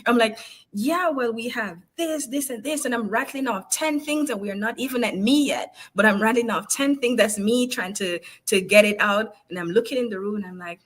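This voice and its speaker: A woman's voice: mid-range voice, brisk, few pauses, rough recording. A woman HR professional as an interview guest, telling workplace stories in a casual way and laughing often. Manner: warm storyteller, smiles and laughs through her points.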